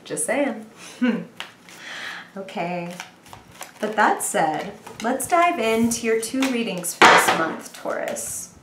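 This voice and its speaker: A woman's voice: on the high side, lively intonation, takes it slowly, reverberant, heavy background noise. Bubbly chatty woman reading tarot. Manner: bubbly, chatty, thinking aloud. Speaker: tarot reader. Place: indoor room with bright light.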